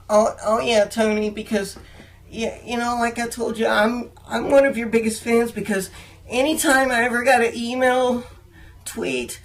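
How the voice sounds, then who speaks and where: A young man interviewing a guest, earnest and halting, with frequent fillers and restarts. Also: extremely high pitch, a bit bright, low-quality recording. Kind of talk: casual interview chat.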